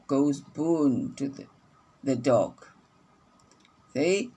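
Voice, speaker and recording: Lady teacher reading to little kids, super slow, says everything twice. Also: deep voice, very animated, slightly rough. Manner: slow, deliberate, repeats each sentence for children. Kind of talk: reading lesson for young children.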